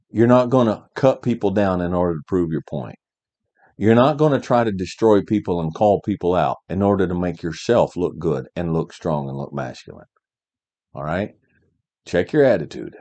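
A man's voice: fairly low pitch, warm tone. A middle-aged man giving a motivational talk to young men, emphatic, repeating key phrases and checking in with "all right?". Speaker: podcast host giving life advice.

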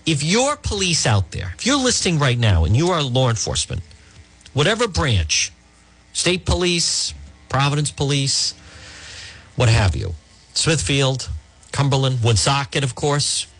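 A male talk radio host delivers an emphatic monologue in a husky voice. His pitch swings widely from word to word, and he keeps restarting and repeating himself as he addresses his listeners directly. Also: big pitch swings, measured pace, fairly bright tone.

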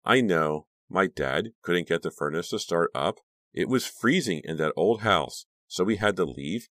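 A man's voice: low-pitched, expressive, unhurried, fairly bright tone, dry recording, studio quality, voice pushed up. A man voicing a clingy, pouty teenage girl with a creepy streak in an audiobook reading. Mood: chatty.

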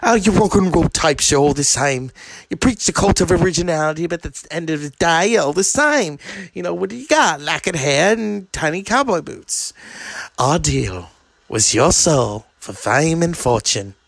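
A man's voice: a little high, very animated, moderate pace, gravelly, fairly bright tone, no echo, pitched above the performer's own voice, exaggerated voice. A man voicing a smug male devil who talks in a mocking, lazy sneer.

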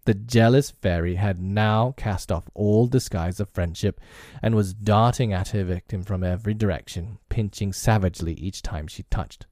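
A man reading a children's storybook aloud in an expressive storytelling manner. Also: lowish voice, moderate pace, dry recording, studio quality. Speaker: narrator.

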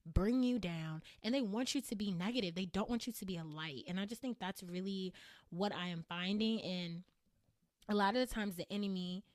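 A woman's voice: mid-range voice, normal speed, no room sound, studio quality. A woman hosting her own podcast in a candid solo monologue, blunt and emphatic, repeating phrases for punch and swearing casually. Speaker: podcast host.

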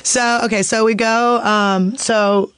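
A woman guest on a podcast, telling a story in a blunt, profane, animated way. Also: fairly high pitch, takes it slowly, smooth, no room sound. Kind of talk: casual chat.

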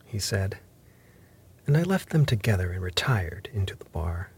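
A man narrating a classic adventure novel in measured, scripted storytelling, sometimes dropping into half-whispered phrases. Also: deep voice, sing-song, a little mellow, husky. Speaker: audiobook narrator.

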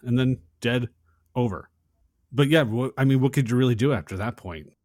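A man's voice: medium pitch, moderate pace, dry recording, studio quality. A man co-hosting a podcast, chatting casually and acting out his own reactions to a film. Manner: casual, reacts by voicing his own thoughts, speeds up when excited. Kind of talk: casual chat.

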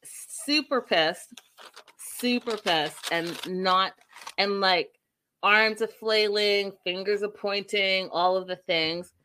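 A woman recapping a reality show in a casual, animated, gossipy way, talking straight to her viewers. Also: mid-range voice, slow pace, a little hiss or hum. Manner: animated, gossipy storytelling, addresses viewers directly.

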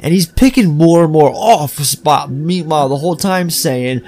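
A man's voice: a little high, moderate pace, few pauses, faint music behind. A man co-hosting a podcast, talking casually and profanely about a horror film. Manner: animated, profane, acts out scenes. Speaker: podcast co-host. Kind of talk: casual film review chat.

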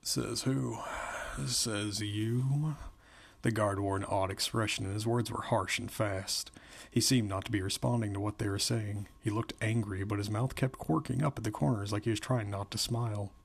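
A man narrating a novel aloud in a steady, measured way. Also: fairly low pitch, creaky, breathy edge.

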